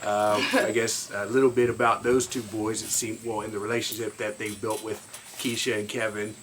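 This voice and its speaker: A man with a fairly low voice talks in a halting, heartfelt way, restarting words and filling gaps with "uh." A faint hum of outdoor ambience and crickets sits behind him. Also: flat delivery. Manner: halting, repeats words, many fillers. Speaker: newly found brother. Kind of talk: casual emotional chat.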